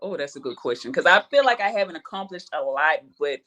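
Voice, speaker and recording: A woman's voice: deep voice, lively intonation, fast, pushed and bright. A woman rap artist from Houston with a Southern accent, talking in a laid-back, slangy way and swearing freely in a casual interview. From Houston, Texas.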